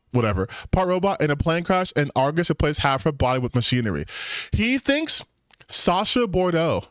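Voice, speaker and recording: A man's voice: fairly high pitch, fairly bright tone, no room sound, studio quality. A young man, streaming and mocking online posts in profane, casual commentary.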